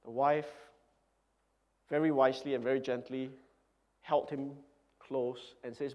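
A man's voice: mid-range voice, flat delivery, unhurried, long pauses, darkish tone, lo-fi sound. A man preaching a sermon as pastor, speaking earnestly and emphatically, with repeated phrases.

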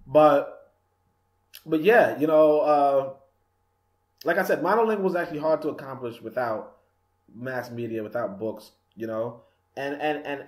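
High-voiced rambling male radio host. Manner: rambling, laughs often, fills with "you know". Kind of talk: casual talk-radio monologue. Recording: echoey room.

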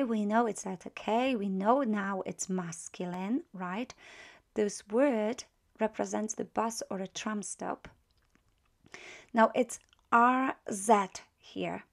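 Woman language teacher, slow and deliberate, a creaky edge, repeats words patiently. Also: medium pitch. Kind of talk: online language lesson.

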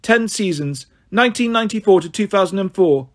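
A man voicing a skittish, starving female harpy who stutters and repeats herself without pausing. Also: high voice, lively intonation, voice pushed up. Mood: reciting. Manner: stuttering, repetitive, talks without pause.

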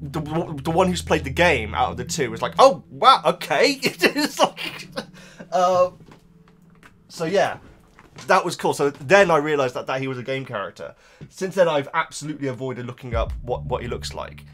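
A man's voice: medium pitch, expressive, brisk, a bit bright. A man hosting a reaction channel, talking in a casual, emotional and rambling way with lots of restarts.

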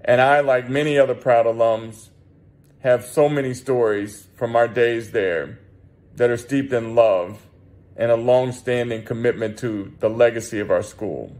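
A man, a board chair, giving a measured, formal welcome address at a ceremony. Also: medium pitch, steady tone, darkish tone.

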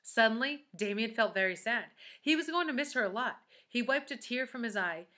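A woman reading a children's book aloud, expressive and speaking directly to young listeners. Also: a little high, normal speed. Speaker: storyteller.

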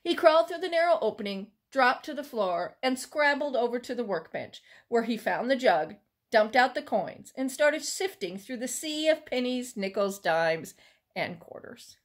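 A woman librarian reading a children's chapter book aloud with expressive storytelling. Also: a little high, normal speed.

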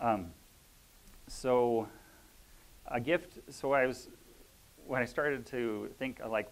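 A man sharing a spiritual reflection with a church congregation, talking in a reflective, halting way with many pauses and fillers. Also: mid-range voice, vocal fry, a little hiss or hum, rough recording. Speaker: church member sharing a word. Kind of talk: informal sermon sharing.

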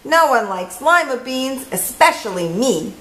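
A woman doing a high, piping little girl. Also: very animated, unhurried, a bit bright, roomy sound, heavily acted. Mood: excited. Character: young schoolgirl, fearful then stubborn.

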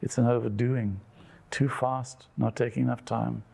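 A man's voice: medium pitch, steady tone, normal speed, creaky, darkish tone, husky. A man earnestly giving advice in an interview.

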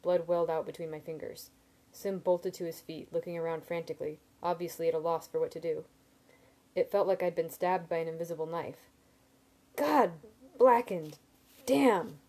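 A woman reading a novel aloud in steady first-person narration, with small slips and restarts. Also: sits low, a little fast. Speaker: reader.

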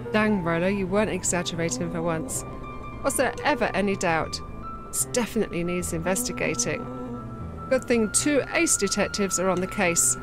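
A woman's voice: fairly low pitch, moderate pace. Woman, gameplay commentary, reads dialogue aloud playfully, game music under her voice. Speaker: gameplay streamer. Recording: game music playing behind.

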